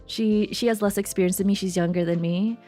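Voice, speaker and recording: A woman streamer telling a work story in casual chat, animated and laughing often, acting out the people she quotes. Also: mid-range voice, a little fast, soft background music.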